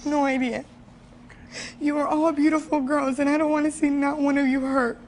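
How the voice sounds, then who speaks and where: A woman's voice: sits high, level tone, a little fast, darkish tone, a little hiss or hum. A young woman on a talk show earnestly pleading with teenage girls from her own experience. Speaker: guest sharing her story. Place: TV studio.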